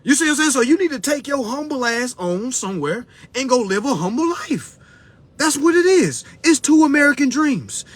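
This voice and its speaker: A man's voice: extremely high pitch, big pitch swings, moderate pace. A man ranting bluntly to his live-stream viewers, swearing often and lecturing like a preacher. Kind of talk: profane motivational rant. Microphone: phone.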